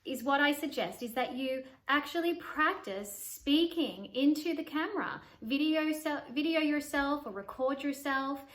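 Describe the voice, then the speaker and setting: A woman voice coach giving an instructional talk to camera, demonstrating vocal exercises by shifting her pitch and volume. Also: a little slow, hardly any pauses, fairly bright tone. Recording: roomy echo.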